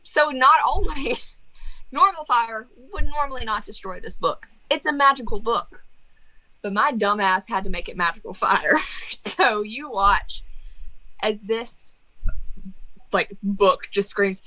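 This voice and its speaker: Bright-voiced young woman running a tabletop game. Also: medium pitch, a little slow, poor audio. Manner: animated, laughing, mock-angry banter. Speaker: game master.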